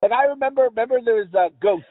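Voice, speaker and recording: A man's voice: extremely high pitch, fast, no echo. Rambling crude man, tinny sound. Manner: rambling, laughs often, crude jokes. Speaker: podcast co-host. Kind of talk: crude casual banter.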